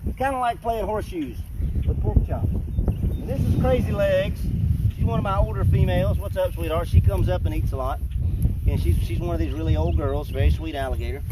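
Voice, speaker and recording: Guy feeding gators outside, easygoing and jokey, kinda high voice, lots of outdoor noise behind. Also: fairly quick. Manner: relaxed, joking, talks to the alligators while explaining. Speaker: alligator park keeper. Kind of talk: casual live animal feeding demonstration. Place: outdoors by an alligator pond. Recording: noisy outdoor recording.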